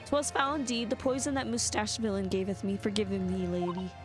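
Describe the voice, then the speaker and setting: A woman reading aloud as a pompous gentleman in a game who speaks in archaic, theatrical verse. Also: mid-range voice, steady tone, a little fast, over music, natural voice.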